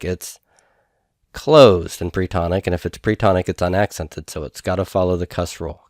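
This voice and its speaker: Low-voiced man teaching grammar. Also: no echo, studio quality. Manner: patient, explanatory, sounds out syllables slowly. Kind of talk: recorded classroom lecture.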